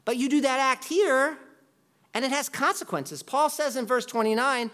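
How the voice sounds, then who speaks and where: Chatty pastor preaching a casual sermon. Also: male voice, very high voice, expressive, normal speed. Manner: chatty, peppered with "like", jumps into loud quoted voices.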